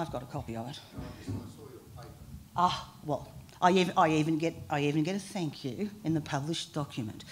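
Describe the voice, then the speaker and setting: A woman's voice: low-pitched, a little mellow. A woman giving a seminar talk in an informal manner, with frequent hesitations. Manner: informal, hesitant fillers, self-deprecating. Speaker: guest speaker. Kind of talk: presentation to a seminar. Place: meeting room.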